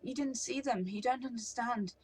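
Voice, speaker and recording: A woman's voice: on the high side, normal speed, a little mellow, a little hiss or hum, voice pushed up, natural voice. A woman voicing a defiant, upset young woman who talks urgently with a raised voice.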